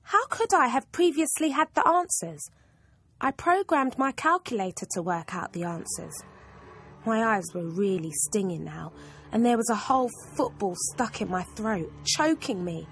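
Expressive woman narrating a storybook. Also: medium pitch, normal speed, slightly rough, dry recording. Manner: expressive first-person reading.

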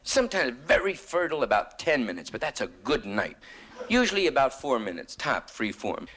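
A man's voice: mid-range voice, big pitch swings, normal speed, a bit bright. A young man doing a rambling, slangy stand-up monologue on stage. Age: young adult. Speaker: stand-up comedian.

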